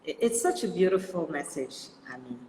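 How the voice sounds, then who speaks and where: A woman's voice: fairly low pitch, animated, a little fast, dark tone, recorded from a distance. A woman hosts an interview, speaking in an appreciative, polite way as she wraps up. Her voice rings in a reverberant room, with a long echo tail and faint ambient noise behind it. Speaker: interview host. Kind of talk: casual interview talk.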